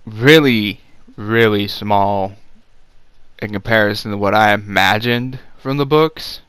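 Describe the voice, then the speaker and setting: A man's voice: fairly low pitch, a bit bright, clear, resonant tone, no room sound. A man giving a casual, rambling movie review, sarcastic and full of fillers.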